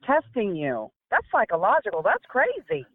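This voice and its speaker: A woman's voice: fairly high pitch, huge pitch swings, moderate pace. A woman calling in as a guest on a podcast, chatting earnestly and reacting to the stories. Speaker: call-in guest. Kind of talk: casual chat. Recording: dry, phone-like line.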